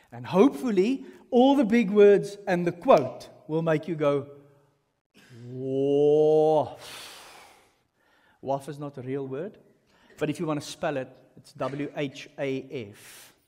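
A man preaching a sermon as pastor, teaching in an animated way and turning often to the congregation with asides. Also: a little high. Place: church hall. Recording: long reverb of a church hall.

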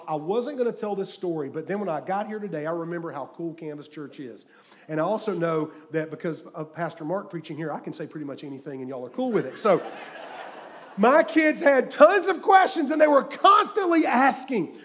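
A middle-aged preacher with a high, bright voice works the room like a storyteller. He drops into hushed asides, then bursts out loud for the punchlines of his jokes. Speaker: guest preacher. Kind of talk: sermon. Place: church sanctuary with live audience.

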